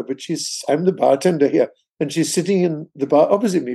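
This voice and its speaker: Gravelly older man telling stories. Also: on the high side, normal speed, pauses often, darkish tone. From England. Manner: rambling, anecdotal, with many asides. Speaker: guest author. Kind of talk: storytelling in conversation.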